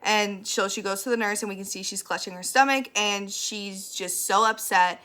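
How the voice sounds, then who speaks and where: Bright-voiced woman ranting through a recap. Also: mid-range voice, moderate pace. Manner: blunt and ranty, swears freely; animated and opinionated. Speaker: YouTuber recapping a TV episode. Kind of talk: casual spoiler recap.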